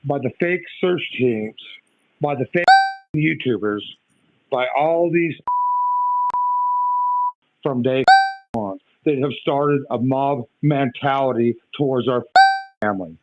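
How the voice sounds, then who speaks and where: A man's voice: mid-range voice, slow pace, pauses often. A man, a father of a missing child, ranting in heated, profane bursts on a live stream. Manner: heated, profane, repeating himself. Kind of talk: angry live-stream rant. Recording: dull lo-fi stream audio.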